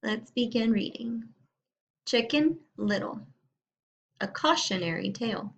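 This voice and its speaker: A woman teacher reading a storybook aloud to young students in a slow, clear way. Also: fairly high pitch, animated, highs cut off.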